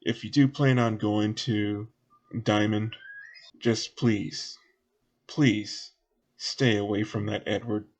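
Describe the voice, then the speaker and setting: A man's voice: fairly low pitch, steady tone, slow pace. A man with a Southern US accent voicing a sleepy, easygoing female town guard with a folksy drawl.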